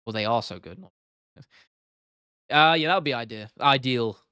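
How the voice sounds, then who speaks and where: A man's voice: medium pitch, normal speed, bright, forceful tone, clean tone, no echo, studio quality. Casual English man chatting on stream. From England. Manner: casual and chatty, swears freely, reads chat aloud. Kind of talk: casual live stream chat.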